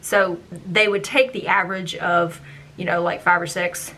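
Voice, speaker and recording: A young woman in her twenties casually telling stories from her old job as a theme park ride guide, chatty and animated, acting out how she reacted back then. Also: lowish voice, normal speed. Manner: animated, acts out her own past reactions; chatty, with frequent "like" and "um". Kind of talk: casual storytelling vlog.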